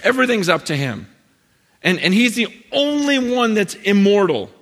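A male preacher with a fairly high voice tells a story with energy, slipping into other people's voices as he quotes them. He talks in loose bursts full of fillers. The sound carries the long reverb of a big hall. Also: moderate pace. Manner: animated storytelling, acts out quotes, many fillers. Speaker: pastor. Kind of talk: sermon.

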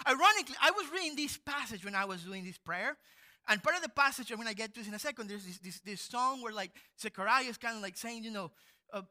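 Animated male preacher, sharp forceful tone, storytelling delivery. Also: high-pitched, fast talker. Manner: animated storytelling, swings into loud acted quotes. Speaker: pastor. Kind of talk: sermon.

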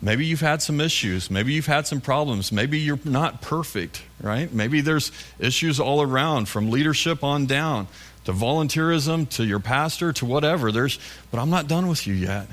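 A pastor preaching a sermon to his congregation, acting out a back-and-forth with God and answering doubts in a lower, softer voice. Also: lively intonation, normal speed. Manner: acts out a back-and-forth dialogue with God, dropping lower and softer for God's replies.

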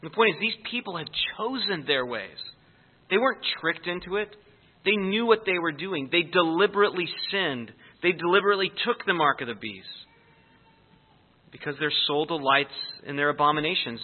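A man's voice: a little high, animated, moderate pace, slightly rough. A man with a slightly raised voice gives an earnest, explanatory verse-by-verse sermon. The sound is thin and narrow, as if it came down a phone line. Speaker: Bible teacher.

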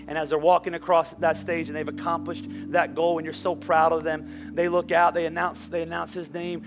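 A middle-aged male pastor preaching a sermon in a church, swinging from quiet storytelling to shouting. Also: fairly high pitch, level tone, brisk, hardly any pauses, over music. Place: church sanctuary.

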